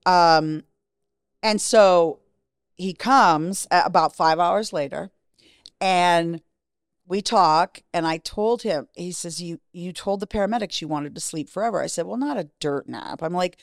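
Frank, low-voiced woman telling her story. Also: unhurried, no echo, clean studio sound. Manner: frank and profane, acting out quoted dialogue. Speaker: guest. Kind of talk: candid personal storytelling.

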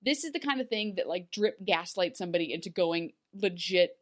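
A woman's voice: fairly low pitch, brisk. Chatty woman recapping with a laugh. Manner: chatty, animated, many fillers, laughs while talking. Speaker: podcast co-host. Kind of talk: casual recap chat.

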